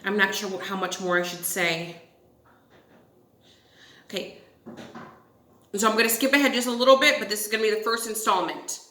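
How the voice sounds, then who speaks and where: A woman's voice: medium pitch, normal speed, long pauses, bright, forceful tone. A young woman hosting a casual storytime vlog, talking animatedly, swearing and calling her viewers guys. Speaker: channel host telling a story. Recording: echoey room.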